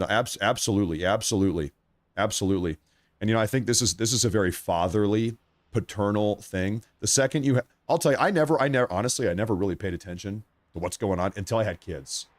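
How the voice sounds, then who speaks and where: A man hosting a live news commentary stream, talking straight to his viewers with excitement while he is losing his voice. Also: lowish voice, fast. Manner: excitable, addresses viewers directly. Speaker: livestream host.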